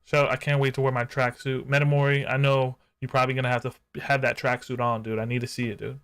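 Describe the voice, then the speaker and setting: A man hosting a casual livestream podcast, bantering in hyped slang and shouting out the chat. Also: medium pitch, flat delivery, quick pace, clear, resonant tone. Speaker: podcast host.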